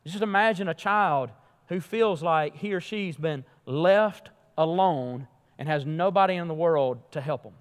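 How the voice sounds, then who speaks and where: A man preaching a sermon with a somewhat high voice, pressing points hard and then dropping low. His voice carries a long reverb from a church sanctuary. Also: a little slow, smooth. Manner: emphatic preaching, rising and falling in loudness. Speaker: pastor.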